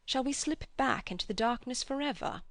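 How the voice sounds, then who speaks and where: A woman reading the part of a gentle, grieving old man who talks slowly and softly, with a quaver, in an audiobook. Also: sits high, dry recording, pitched above the performer's own voice. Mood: anguished. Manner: slow, soft, quavering.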